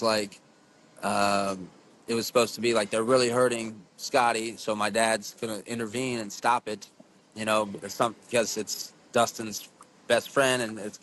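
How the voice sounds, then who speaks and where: A man who wrestles, telling stories as a podcast guest in a rambling, profane, animated way. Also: mid-range voice, slight background noise. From USA. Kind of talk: casual storytelling interview.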